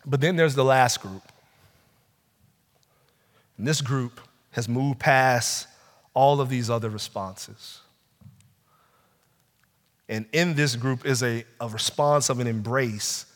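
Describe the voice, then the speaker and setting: A man preaching a sermon, rising to loud urgent pleas and dropping to slow, hushed passages. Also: mid-range voice. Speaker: pastor. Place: church sanctuary. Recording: long hall reverb.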